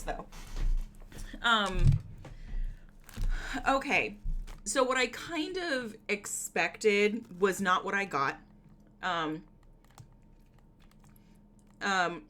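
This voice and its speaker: A woman's voice: medium pitch, pushed and bright. A woman streaming from home, chatting casually with her viewers, giggling often and rambling through lots of fillers. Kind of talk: casual live-stream chat.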